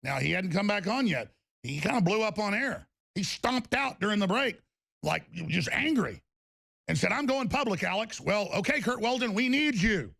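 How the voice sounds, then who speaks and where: A man's voice: high voice, very animated, moderate pace, vocal fry, a bit bright, no room sound. A man hosting a talk radio show, delivering heated and emphatic commentary full of repetition. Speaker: radio host.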